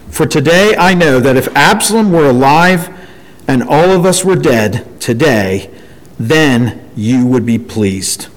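A man preaching a sermon and reading scripture aloud, animated and acting out the voices of people in the story. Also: a little high. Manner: animated, acts out quoted voices. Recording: long hall reverb.

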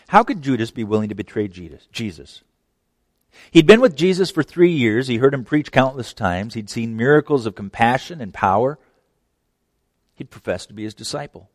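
A man's voice: medium pitch, lively intonation, normal speed, no echo. A male preacher delivers a sermon in a passionate, emphatic voice. He piles up rhetorical questions and repeats words as he drives each point home. The sound is close and dry.

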